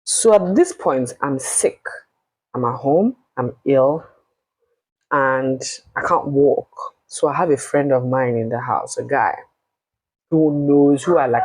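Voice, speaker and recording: A woman with a Nigerian accent telling a personal story in a casual, blunt and animated way, swearing freely. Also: rumbling low, slightly rough, no echo, poor audio.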